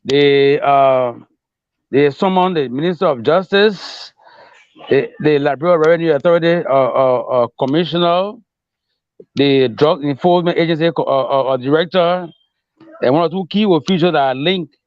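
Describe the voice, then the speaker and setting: A man's voice: fairly high pitch, moderate pace, clean tone, no room sound, muffled recording. A man reporting news as a correspondent, hesitant, with many fillers and restarts.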